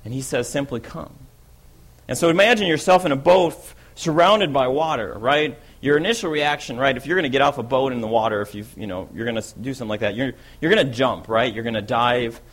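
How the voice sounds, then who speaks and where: A man's voice: medium pitch, fairly quick, fairly bright tone. A man playing an eager, bold fisherman apostle in a first-person dramatic monologue, telling his story in a chatty way and often asking "right?". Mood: wondering.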